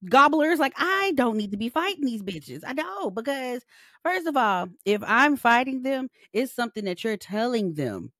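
Animated blunt woman podcast co-host. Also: fairly high pitch, moderate pace, no room sound, studio quality. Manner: blunt, animated, heavy profanity and slang. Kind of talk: casual podcast chat.

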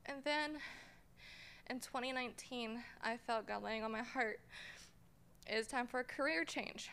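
A woman's voice: fairly high pitch, unhurried, long pauses, bright, forceful tone, clean tone. A young woman giving a personal testimony in church on a handheld mic, hesitant and full of fillers. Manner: hesitant, with fillers, tearful at moments. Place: church sanctuary.

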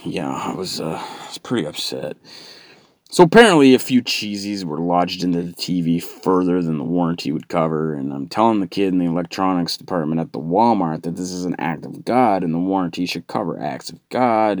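A man doing a sarcastic stand-up comedy routine, ranting with sudden shouted outbursts. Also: deep voice, dry recording, clean studio sound.

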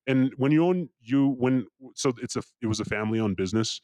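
On a podcast, a young guest from California recounts a story at a slightly fast clip with few pauses, his medium-pitched voice free of any room sound. His telling is casual, animated and full of swearing, and he acts out each quoted voice.

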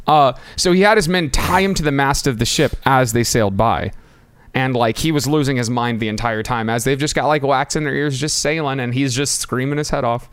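A man's voice: medium pitch, brisk, fairly bright tone, clean tone, no echo. A young man co-hosting a casual podcast, retelling a story with wry asides and lots of 'like'. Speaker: podcast co-host.

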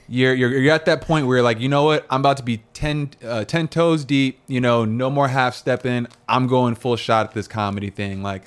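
A man hosting a loose, informal conversation with a mid-range voice. He laughs often, swears casually and asks questions in an easy, unhurried way. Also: mid-range voice. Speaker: podcast host. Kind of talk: casual interview chat.

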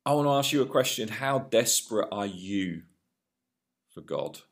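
A man preaching a sermon with an earnest delivery, rising to loud emphasis and dropping to hushed lines. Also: on the low side, lively intonation, normal speed.

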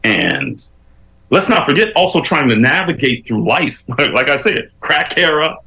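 A man, a guest on an interview show, telling his life story with animated, preacherly emphasis that climbs as he builds a point. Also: fairly high pitch, unhurried, gravelly, rough recording.

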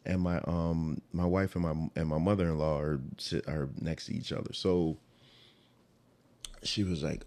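A man's voice: a bass voice, flat delivery, moderate pace, warm tone. A man telling an emotional personal story in a rambling, casual way, repeating himself and restarting sentences.

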